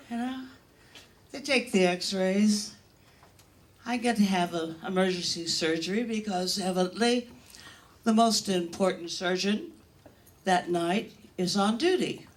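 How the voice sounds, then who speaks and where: An older woman performing a stand-up comedy routine on a comedy club stage, telling bawdy, self-mocking stories in a brash way. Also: medium pitch.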